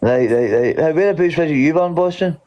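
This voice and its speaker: A man's voice: on the high side, fast talker, a little mellow, lo-fi sound. A Scottish man in a casual chat, rambling and swearing freely. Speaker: chat participant.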